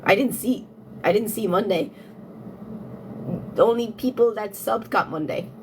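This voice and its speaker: Young Irish woman streamer, slow and chatty, laughs a lot and loops her phrases. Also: medium pitch, background noise. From Ireland. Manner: giggly, breaks into frequent laughter; repeats herself while thinking aloud. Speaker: livestreamer. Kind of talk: casual live-stream chat, reading chat questions.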